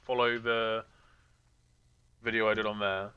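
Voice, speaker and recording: A man's voice: lowish voice, flat delivery, a little slow, sharp tone, clean tone, dry recording, dull audio. A man co-hosting a modding stream, explaining steps in casual, rambling talk full of fillers while he works. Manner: rambling, filler-heavy, distracted. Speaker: co-host of a train game modding stream. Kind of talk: casual tutorial chat while working.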